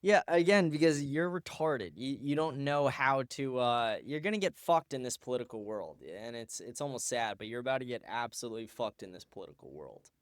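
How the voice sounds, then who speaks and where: A man's voice: mid-range voice, expressive, fairly quick, few pauses, no room sound, clean studio sound. A man hosting a commentary show, ranting crudely and profanely over clips. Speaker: host.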